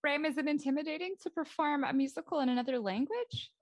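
A woman's voice: high voice, fast. A woman hosting a radio arts interview from home, chatty and casual with fillers. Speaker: radio host.

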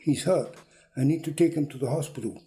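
A man's voice: medium pitch, fairly quick, dark tone, natural voice. A man reading a story and voicing a desperate woman begging for help at a door. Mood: pleading. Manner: pleading.

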